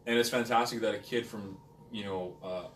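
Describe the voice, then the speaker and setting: A man in a casual podcast chat giving rapid, animated opinions. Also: fairly low pitch, slight background noise. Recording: roomy room, distant mic, faint ambience.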